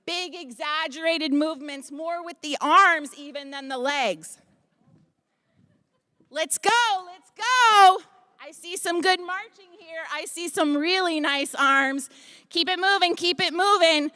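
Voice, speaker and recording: Woman fitness instructor, handheld mic, high voice, calling out moves, unhurried. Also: sharp tone, no echo, studio quality. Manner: upbeat, coaching and counting out moves. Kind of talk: leading a group exercise class. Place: expo hall stage, behind a podium. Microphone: handheld microphone.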